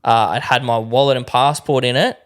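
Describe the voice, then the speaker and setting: An Australian man co-hosting a podcast, telling a sweary, animated story in casual chat. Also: mid-range voice, fairly quick. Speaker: podcast co-host.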